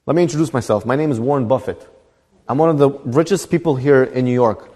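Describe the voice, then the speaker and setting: A man voicing kindly old man, reassuring, brisk, reverberant room. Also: medium pitch, dark tone, natural voice.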